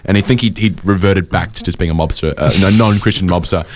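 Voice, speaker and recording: A man's voice: sits low, quick pace. A man co-hosting a comedy podcast, telling jokey, rambling stories full of fillers. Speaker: co-host.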